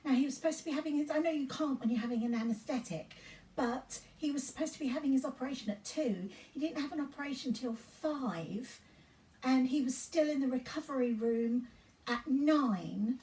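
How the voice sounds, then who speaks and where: A woman's voice: sits high, a little fast, dark tone. A woman in her fifties chatting casually in a vlog, rambling through her story with many ums and restarts. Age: 50s. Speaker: fashion vlogger. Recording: roomy sound from a distance off the mic.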